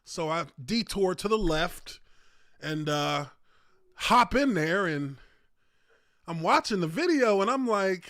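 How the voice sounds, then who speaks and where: A man's voice: high-pitched, slow pace, pauses often, dry recording, studio quality. A man hosting a podcast, telling a story in casual chat with lots of swearing. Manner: profane, animated storytelling. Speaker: podcast host.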